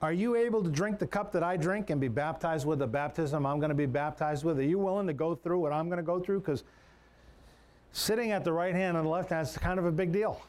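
A man's voice: a little high, fairly quick, darkish tone. A man preaching a sermon as a pastor, in a conversational way, often repeating words and restarting sentences.

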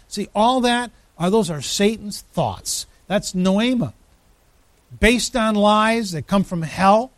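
A man preaching a sermon, emphatic, with dramatic pauses, rising lines and sudden drops to a hush. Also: high-pitched, lively intonation, dry recording. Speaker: pastor.

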